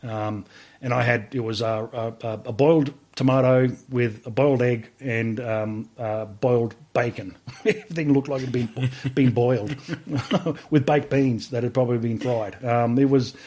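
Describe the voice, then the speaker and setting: Australian male veteran guest, mid-pitched, rambling and profane storyteller. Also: steady tone, moderate pace, mellow. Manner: swears freely, rambling with many fillers. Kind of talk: casual storytelling interview.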